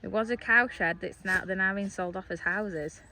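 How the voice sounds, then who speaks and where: Holding her phone in a wide field among horses and dogs, a young vlogger chats casually, tossing off laughing asides and speaking to the animals. Her medium-pitched voice sounds pushed and bright at a moderate pace, with slight background noise.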